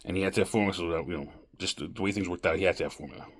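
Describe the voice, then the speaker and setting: A man's voice: sits low, rapid-fire. A man giving rambling casual political commentary straight to camera, calling his viewers folks. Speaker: vlogger.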